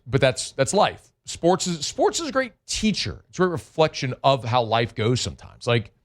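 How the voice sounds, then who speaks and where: A middle-aged man hosting sports talk radio in a blunt, conversational monologue, stretching words for emphasis into a studio mic. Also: mid-range voice. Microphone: studio microphone.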